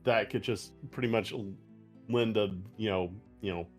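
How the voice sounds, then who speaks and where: Halting man playing a tabletop game. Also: on the low side, soft background music. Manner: halting, swears casually. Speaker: player. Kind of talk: casual tabletop play.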